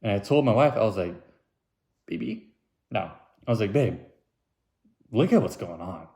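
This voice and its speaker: A young man talks through a loose solo podcast in a slightly low voice, rambling from one thought to the next. He mocks himself, takes his own jokes back, and slips into goofy high-pitched voices whenever he quotes someone. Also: expressive, moderate pace, creaky, mellow. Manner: rambling, self-mocking, jokey asides; puts on silly high voices when quoting. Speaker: podcast host. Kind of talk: casual solo podcast monologue.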